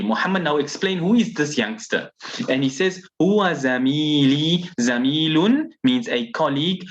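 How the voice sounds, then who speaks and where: A male language teacher explaining grammar patiently in a class, repeating and breaking each word down slowly. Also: fairly high pitch, muffled recording, a little hiss or hum. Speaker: Arabic teacher.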